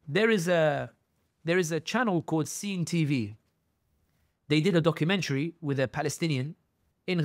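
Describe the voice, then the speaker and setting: High-voiced man, animated political storytelling. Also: no room sound, clean studio sound. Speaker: guest commentator. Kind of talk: podcast interview.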